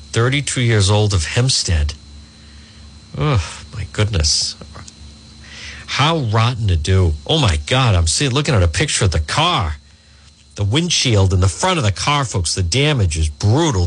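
Male talk radio host, middle-aged, slightly low husky voice, indignant commentary. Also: sing-song, a little slow. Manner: indignant, reads news aloud with asides.

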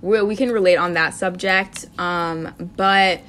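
A woman's voice: on the low side, steady tone, a little slow, a bit bright, a little hiss or hum. A teenage girl co-hosting a podcast, talking in a rambling, laid-back way full of "like" and "you know". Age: teens. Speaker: podcast co-host. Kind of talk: casual chat.

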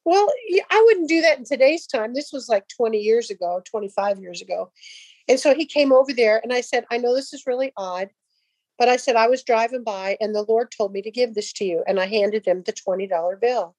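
A middle-aged woman tells a personal story in a relaxed, chatty way. Her voice sits a little high, and she acts out each quoted line with lively shifts. The sound is close and dry, with no room around it. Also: brisk, no room sound. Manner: animated, acts out dialogue in voices. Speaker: guest telling a faith story. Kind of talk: casual storytelling.

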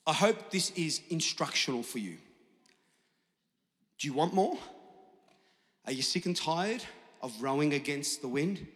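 A pastor delivers a sermon with great energy in a large church hall, his fairly high, slightly bright voice carrying a long hall reverb. He often acts out the doubting listener in an exaggerated voice.

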